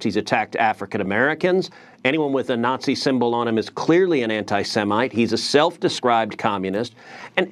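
Middle-aged male senator guest: forceful, indignant delivery with stuttered restarts, voice a touch high. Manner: forceful, indignant, repeats words when starting. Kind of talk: political TV interview.

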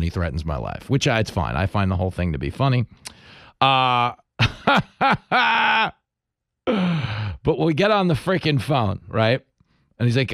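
A man hosting a talk radio show, his voice dry and close with no room sound around it. He jokes about himself and tells stories in a loose, chatty way, full of quick asides. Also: mid-range voice, very animated, creaky, fairly bright tone, no room sound. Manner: joking, self-mocking, quick asides. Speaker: radio host. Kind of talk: casual chat and storytelling.

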